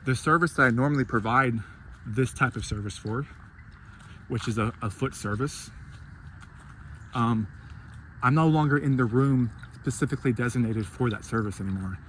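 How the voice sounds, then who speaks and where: A man's voice: medium pitch, normal speed, pauses often, a bit bright. Guy ranting about his day, swears a lot, acts out what he said, bit of traffic hum behind. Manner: rambling and profane, acting out his own reactions. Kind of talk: casual rant vlog.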